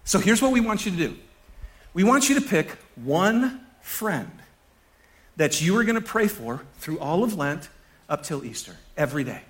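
A pastor giving a casual sermon to his congregation, animated, chuckling often and repeating key phrases. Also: high voice, moderate pace.

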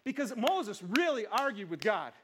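A man preaching a casual, conversational sermon, chatty and lively with playful asides. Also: high-pitched, normal speed, noisy background. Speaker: pastor.

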